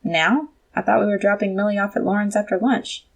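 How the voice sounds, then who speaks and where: A man's voice: high voice, steady tone, a little fast, vocal fry. A woman voicing a confident, folksy older man in an audiobook. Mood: gruff.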